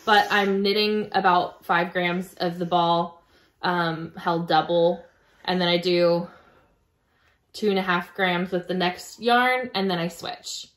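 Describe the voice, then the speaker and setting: A woman co-hosting a podcast, calmly explaining her knitting step by step. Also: fairly low pitch, slow, echoey room. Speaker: podcast co-host. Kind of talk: casual chat about knitting.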